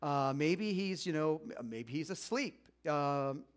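A man's voice: a little high, expressive, slow, clean tone, voice pushed down. A man voicing an ancient male prophet who is confident and taunting, speaking in a casual modern way. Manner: playful, challenging, casual modern phrasing.

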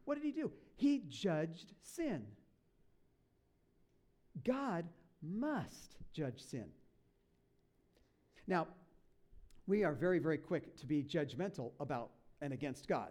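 A pastor preaching a sermon, animated, acting out quoted voices and asides to the congregation. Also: male voice, fairly high pitch, slow, long pauses.

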